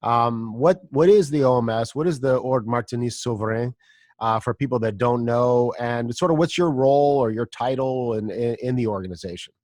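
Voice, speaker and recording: American man, podcast host, loose and rambling, dry close sound, average pitch. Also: moderate pace, no echo. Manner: relaxed, rambling, frequent ums and throat clearing. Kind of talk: casual conversational interview.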